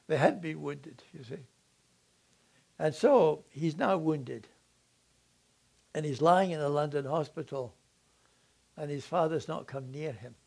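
An older man giving a lecture, telling a life story in a slow, reflective way with frequent pauses and fillers. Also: fairly high pitch, vocal fry, a little mellow.

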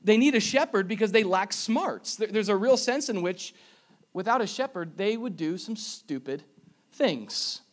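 A man preaching a sermon in an animated way, with jokey asides and emphatic repetitions. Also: high voice, unhurried. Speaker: pastor.

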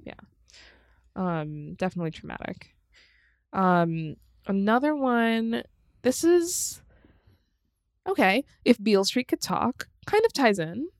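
A young adult woman co-hosting a podcast, chatting casually about films with relaxed fillers and laughs. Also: mid-range voice, takes it slowly, pauses often, no echo, clean studio sound. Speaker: podcast co-host. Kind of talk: casual movie recommendation chat.

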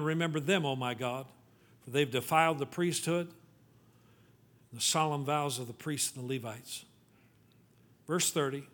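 A male pastor preaches with urgency, pressing his listeners with pleading questions. When he reads scripture, his voice sinks into a low, quiet tone. He speaks in a fairly high register. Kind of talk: sermon.

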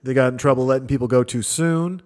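A middle-aged man hosting a casual chat, telling stories in an animated way and acting out other people's voices. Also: mid-range voice, quick pace. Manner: animated, acts out voices in anecdotes. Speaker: podcast host.

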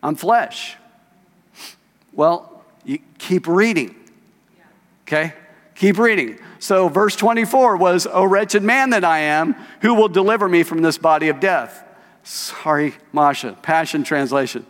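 Pastor, man, fairly high voice, casual preaching style, church hall reverb. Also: measured pace. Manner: conversational, reads scripture aloud and asks the congregation questions. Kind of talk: sermon. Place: church sanctuary.

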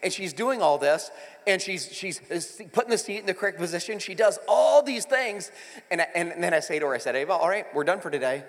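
A pastor in his forties preaching and telling stories in a church auditorium, animated and emphatic. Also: sits high, brisk. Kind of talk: sermon with prayer and storytelling. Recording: reverberant hall with faint music.

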